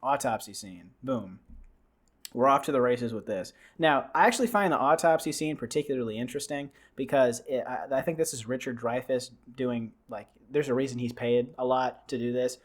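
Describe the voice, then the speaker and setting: A man's voice: medium pitch, normal speed. A young man hosting a podcast, rambling casually through a movie recap and acting out the characters' lines. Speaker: podcast host. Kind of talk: casual movie review chat.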